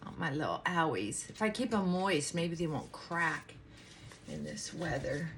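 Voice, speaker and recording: Middle-aged woman rambling at home, slow easy talk, little bit of room hum. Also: low-pitched, animated, creaky, fairly bright tone. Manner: rambling, talks to her dog, chatty asides. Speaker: vlogger. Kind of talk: casual morning chat. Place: her bedroom at home.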